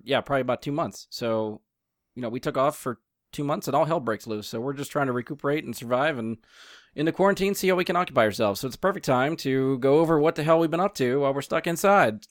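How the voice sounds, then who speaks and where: A man's voice: medium pitch, no room sound, clean studio sound. A man hosting a podcast in casual chat, loose and rambling, laughing often. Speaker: podcast host.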